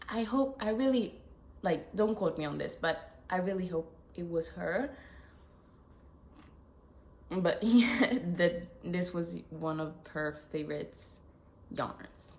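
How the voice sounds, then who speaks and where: Slow-talking Italian woman, knitting vlog chat. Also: sits low, a little mellow. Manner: chatty, self-correcting, giggly asides. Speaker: knitting podcast host. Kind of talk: casual chat to camera. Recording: echoey room with faint noise.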